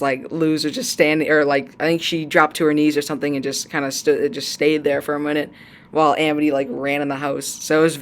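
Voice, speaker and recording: A young man casually recapping a cartoon episode in an excitable, rambling way with lots of fillers, his voice strained from a long recording. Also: a little high. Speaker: YouTuber discussing a cartoon series.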